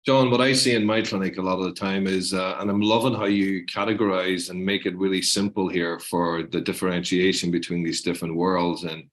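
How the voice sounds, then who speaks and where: A man's voice: low voice, fairly even intonation, a little fast, few pauses, a bit bright. A male clinician interviewing a guest, appreciative and often repeating words as he builds a question.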